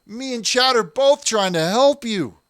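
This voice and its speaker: A man's voice: very high-pitched, lively intonation, measured pace, a bit bright, clean tone, no room sound, clean studio sound. A man hosting a comic call-in show, self-righteous and defensive as he lectures his callers.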